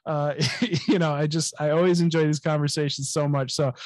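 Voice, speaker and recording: A man's voice: on the high side, steady tone, brisk, darkish tone, no room sound. A man hosting a podcast over a remote call, enthusiastic, laughing often and repeating words as he talks. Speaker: podcast host. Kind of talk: casual podcast chat.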